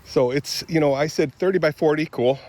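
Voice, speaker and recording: An older man from Michigan rambling in a casual vlog while walking around his property outdoors, often clearing his throat and drifting into asides. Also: on the high side, brisk, darkish tone. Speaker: vlogger.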